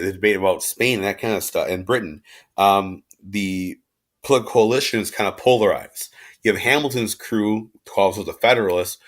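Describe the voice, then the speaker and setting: Casual low-voiced male history teacher. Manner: casual, conversational, frequent fillers and asides. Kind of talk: informal lecture.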